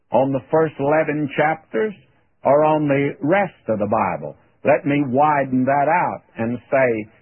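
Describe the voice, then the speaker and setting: Male radio Bible teacher, husky and earnest, folksy, tinny old broadcast sound. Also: mid-range voice. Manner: folksy, earnest, addresses listener as "my friend".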